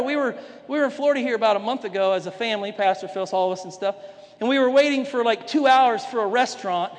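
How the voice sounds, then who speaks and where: High-pitched pastor guy preaching, acts out little voices, big echoey church. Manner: animated storyteller acting out voices. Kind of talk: sermon. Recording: long hall reverb.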